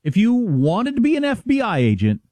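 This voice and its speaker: Animated man on talk radio. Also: high voice, a little fast, no echo. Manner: wry, animated storytelling. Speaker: radio talk show co-host. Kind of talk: casual radio banter. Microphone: studio microphone.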